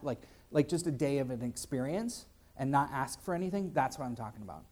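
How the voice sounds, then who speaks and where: A man's voice: mid-range voice, lively intonation, fairly quick, darkish tone. A man giving a casual conference presentation and answering audience questions, with many fillers and restarts. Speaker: conference speaker. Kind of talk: live presentation and Q&A.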